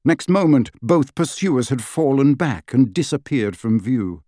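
Lively, dramatic male audiobook narrator. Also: medium pitch, unhurried, dry recording, clean studio sound. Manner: dramatic, lively storytelling of action scenes.

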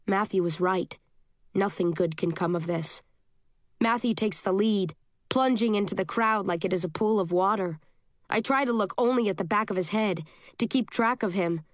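Woman, audiobook narrator, first-person novel, steady measured reading, dry sound. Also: medium pitch, dry recording.

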